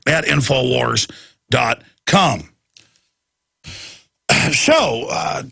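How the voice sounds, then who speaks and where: A male radio talk host in a heated monologue, stumbling over repeated words as he builds steam. His voice sits fairly high, with a gravelly, husky rasp and a bright, forceful edge.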